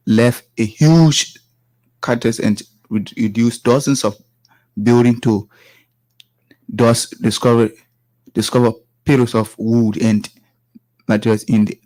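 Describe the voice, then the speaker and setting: A man reads a news report, halting with restarts. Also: mid-range voice, a little mellow, no echo, low-quality recording. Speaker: newsreader. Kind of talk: scripted news reading.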